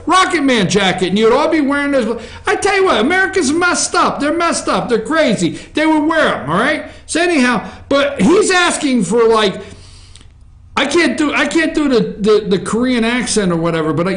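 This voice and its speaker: A man holds forth on the news as a talk show host, rambling and sarcastic, tossing asides to his crew. His voice sits high and swings up and down with lively energy. The sound carries a noticeable echo off the office walls. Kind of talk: opinionated news commentary. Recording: echoey room.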